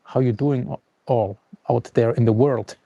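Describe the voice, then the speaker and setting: A man hosting a live stream from outdoors, calm and unhurried as he greets viewers and reads the news. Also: medium pitch, gravelly, dry recording, highs cut off. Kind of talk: casual live stream chat and news reading. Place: outdoors at a forest camp on the coast.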